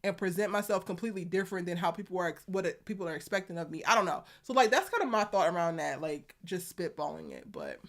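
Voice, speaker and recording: A woman's voice: on the low side, fast talker, few pauses. A young woman with a Baltimore accent hosting a casual live stream, chatting and reading viewer comments aloud with frequent laughs.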